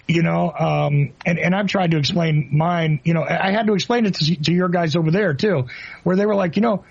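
Jersey guy hosting, husky voice, lots of uh and you know, muffled sound. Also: on the high side, fairly even intonation, a little fast. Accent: New Jersey. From New Jersey. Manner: rambling, many fillers and restarts. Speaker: host. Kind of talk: casual interview chat.

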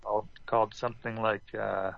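A man's voice: fairly low pitch, level tone, brisk, gravelly, no echo, dull audio. A man co-hosting a podcast in easygoing casual chat. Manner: easygoing, agreeable. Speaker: podcast co-host.

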